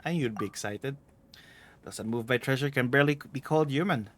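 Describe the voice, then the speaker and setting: A man's voice: mid-range voice, fast talker, lightly acted. A man reading the lines of a teasing, vain aging female treasure hunter aloud while streaming a game.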